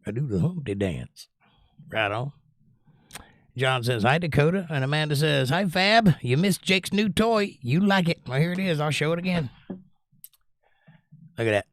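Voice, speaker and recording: A man's voice: a little high, a little slow, pauses often, dry recording, clean studio sound. An older man hosting a music livestream, reading viewers' comments aloud in a casual, joking way. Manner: animated, reads chat aloud and jokes.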